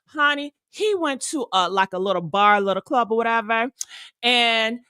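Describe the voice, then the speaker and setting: Sassy, bright-voiced gossip host, woman. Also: on the high side, normal speed, smooth, no room sound. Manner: sassy, animated storytelling with acted-out quotes. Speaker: show host. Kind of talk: casual gossip chat.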